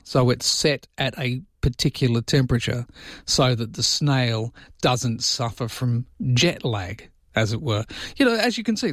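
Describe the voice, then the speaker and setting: A man's voice: mid-range voice, no room sound, clean studio sound. A man hosting a radio show, chatting casually and tossing rhetorical questions at listeners. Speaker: radio host.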